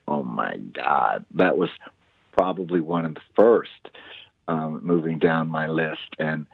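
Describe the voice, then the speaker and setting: Low husky man on a tinny line. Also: no room sound. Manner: enthusiastic, animated storyteller acting out quotes. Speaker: musician guest, show host. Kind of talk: casual interview storytelling.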